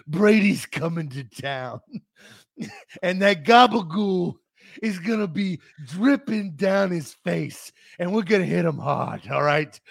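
A man's voice: high-pitched, vocal fry, fairly bright tone, no room sound, exaggerated voice. Brief: brash male mob boss, swaggering threats, put on by a man.

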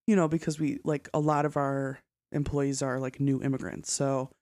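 A woman in her thirties co-hosts a loose podcast chat, laughing between sentences and peppering her talk with "like" and curses. Her voice is notably low and sounds dry and close. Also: level tone, normal speed, mellow, no room sound. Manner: laughing, sweary, filler-heavy storyteller. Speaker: podcast co-host. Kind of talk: casual chat.

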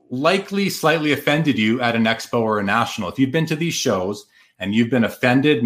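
A man's voice: mid-range voice, fairly bright tone. A man hosting a live podcast show, introducing and interviewing his guest in an upbeat, friendly way. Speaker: podcast host.

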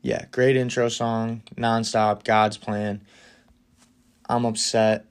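A man hosting a solo podcast in a casual, opinionated way, talking fast with excited bursts. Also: fairly low pitch, clear, resonant tone. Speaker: podcast host.

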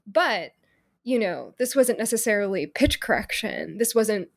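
A woman's voice: mid-range voice, expressive, a little slow, creaky. A woman author answering interview questions in an articulate way, with frequent fillers and asides.

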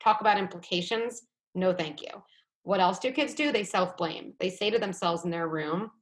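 A woman psychologist speaking as a guest in a conversational podcast interview, animated and often acting out quoted thoughts. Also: lowish voice, moderate pace. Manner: animated, acts out quoted thoughts in little voices.

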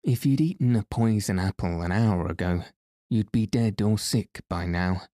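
A man reading the lines of a stern, practical older aunt in a storybook, in a brisk, stern manner. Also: lowish voice, dark tone, no room sound, clean studio sound, close to an everyday voice.

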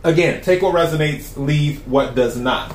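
A man reading tarot cards for his viewers in a voice pitched a little above most men's. He speaks in a steady, unhurried way and repeats his questions to the deck. The room around him sounds echoey. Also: a little hiss or hum. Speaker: tarot reader.

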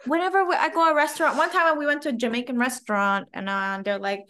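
A young woman from Macau, co-hosting a podcast in casual, animated chat, often laughing and imitating words. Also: on the high side, fast talker, few pauses. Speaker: podcast co-host.

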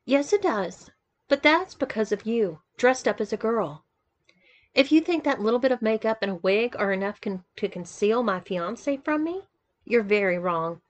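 A woman voicing a young woman who presses her fiancé for the truth, quiet but firm. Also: on the high side, animated, normal speed, lightly acted.

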